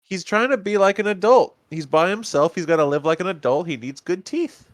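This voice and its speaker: A man co-hosting a podcast in casual chat, teasing the others with animated banter. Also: sits high, brisk, no room sound, studio quality. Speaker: podcast co-host.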